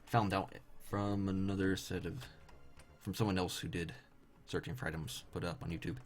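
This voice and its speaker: A man's voice: sits low, fairly even intonation, normal speed. A tired young man chatting wryly with viewers while streaming a game. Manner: chatty, wry, talks to chat viewers. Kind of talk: casual live-stream commentary while playing. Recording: faint background game music.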